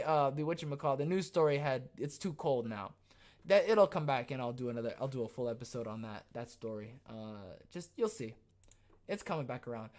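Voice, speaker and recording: A podcast host riffing sarcastically on the news during a live show, animated and quick to laugh. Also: medium pitch. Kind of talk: live news commentary chat.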